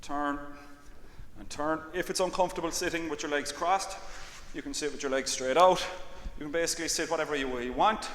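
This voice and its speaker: A man leading an exercise class, calmly cueing breaths and counting reps, with "all right" again and again. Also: a little high, a little fast. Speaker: exercise instructor. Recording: long reverb, faint background noise.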